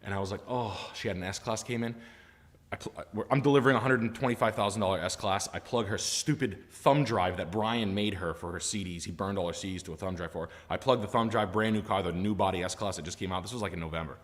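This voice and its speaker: A man's voice: low-pitched, quick pace, in a large hall. A man telling funny work stories on a live stream, acting out the voices of the people in them and swearing freely. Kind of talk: casual storytelling chat.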